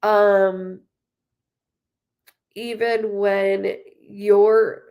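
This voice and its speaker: A woman's voice: medium pitch, steady tone, very slow, long pauses, a little mellow. A woman medium doing a live reading, talking in an emotional, rambling way with many fillers as she relays spirit messages. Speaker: psychic medium.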